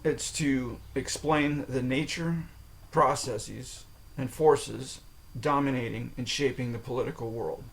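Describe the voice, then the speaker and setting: On a roughly recorded solo podcast, a man with a medium-pitched voice chats casually. He drops the occasional swear word and keeps asking his listener "okay?"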